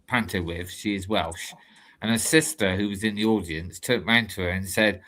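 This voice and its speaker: A man's voice: fairly low pitch, normal speed. A man co-hosting a casual hobby podcast, telling stories with lots of laughter. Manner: lively, laughing storyteller. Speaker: podcast co-host. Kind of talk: casual banter.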